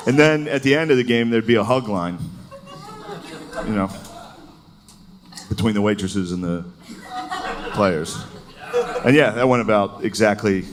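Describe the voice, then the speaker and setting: A man's voice: on the low side, very animated, slow pace, long pauses. A man doing a live stand-up routine, talking in a loose, profane, conversational way and calling the crowd "dude.". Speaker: stand-up comedian. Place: live comedy venue on stage. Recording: noisy live stage recording.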